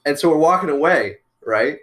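A young man in casual chat with a friend, telling a school story in a relaxed way, with lots of swearing. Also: on the high side, normal speed. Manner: laid-back, profane, with fillers and restarts.

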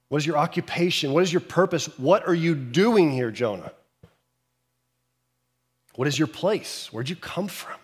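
Guy preaching, kinda high voice, acts out the characters, goes real quiet and low sometimes. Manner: animated storytelling, acting out characters' lines. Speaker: pastor. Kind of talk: sermon.

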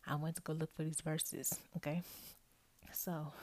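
A woman's voice: low-pitched, little pitch movement, normal speed, no room sound. A young woman hosting a podcast, talking casually and mostly in a whisper into an earphone microphone, correcting herself as she goes. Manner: chatty, self-correcting, talks to listeners as y'all. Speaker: podcast host. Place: bedroom at night, roommate asleep nearby. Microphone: earphone microphone held close.

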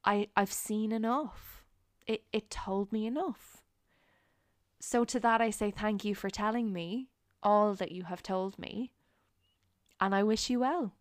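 Slow, earnest woman podcaster. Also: medium pitch, dry recording, studio quality. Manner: earnest, encouraging, speaks slowly with pauses. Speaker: podcast host. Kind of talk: solo podcast monologue. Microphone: studio microphone.

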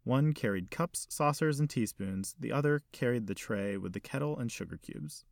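A man reading a story aloud in a measured, steady storytelling manner. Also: medium pitch, gravelly, dry recording, clean studio sound. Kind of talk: scripted narration.

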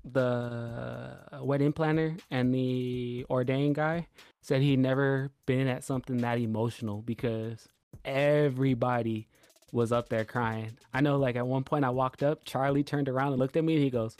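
A man co-hosting a podcast, telling a long story in a relaxed way and acting out what others said. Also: medium pitch, dry recording. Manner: laid-back storytelling, retelling quotes. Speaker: podcast co-host. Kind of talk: casual chat.

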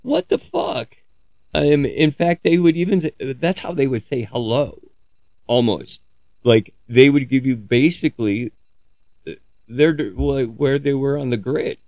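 A man's voice: medium pitch, a little slow, a little mellow, no echo. A man talking in a casual, rambling monologue, joking crudely and swearing freely as he digresses. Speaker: podcaster.

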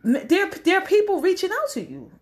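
A woman's voice: very high voice, huge pitch swings, fairly quick. A woman, giving blunt, profane advice in a casual vlog rant and acting out the people she quotes. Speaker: social media commentator. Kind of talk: casual direct-to-camera rant.

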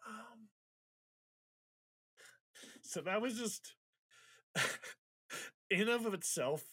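A man's voice: sits high, animated, extremely slow, bright, forceful tone, husky, no echo. A man in a casual conversation, telling a personal story candidly, swearing freely and getting emotional as he talks. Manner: reflective, gets emotional while recounting.

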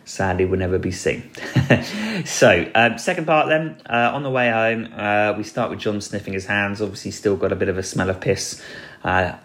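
A man's voice: fairly low pitch, normal speed, fairly bright tone. A man hosting a solo podcast, talking in a rambling, chatty way with dry jokes and plenty of ums and uhs. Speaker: podcast host. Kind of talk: casual solo podcast recap.

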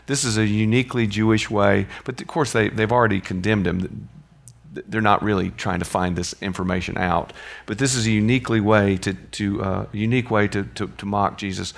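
A man's voice: lowish voice, fairly even intonation, normal speed, gravelly. A man teaching a Bible lesson in a conversational way, restarting phrases and asking rhetorical questions.

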